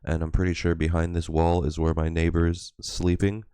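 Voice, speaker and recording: A young man with a very low voice gushes over a song he is hearing, his talk full of "like". He holds his voice down in a room at home, and the sound is close and dry with no room echo. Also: moderate pace, smooth. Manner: excitable, gushing, peppered with "like"; keeping voice down, hushed asides. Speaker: music reaction host. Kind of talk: music reaction commentary. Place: room at home, early morning, neighbor behind wall.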